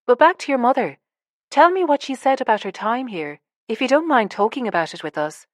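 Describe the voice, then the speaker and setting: A woman's voice: fairly high pitch, animated, a little fast, dry recording, clean studio sound, voice pushed up, close to an everyday voice. A woman narrator voicing an earnest, slightly nervous woman in an audiobook.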